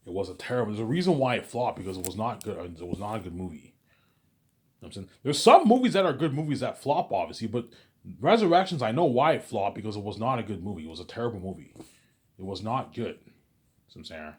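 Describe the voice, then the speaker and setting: A man with a low, deep voice delivers a casual ranting monologue to camera. His tone is husky and a little rough, and he circles back to the same complaints, swearing as he goes. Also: animated, fast talker. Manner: repetitive, profane ranting. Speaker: vlogger.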